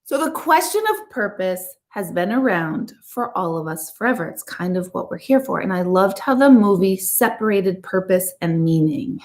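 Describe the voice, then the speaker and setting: A woman's voice: medium pitch, animated, moderate pace, few pauses. A middle-aged woman and intuitive coach, chatting casually and candidly to her viewers in a blunt, talkative way. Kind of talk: casual live chat to viewers.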